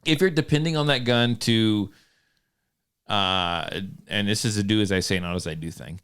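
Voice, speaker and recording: A man's voice: lowish voice, normal speed, a bit bright, clean tone. A man hosting a casual podcast, telling a story with frequent laughter and self-mocking humor. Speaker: podcast host. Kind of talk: casual chat. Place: home studio.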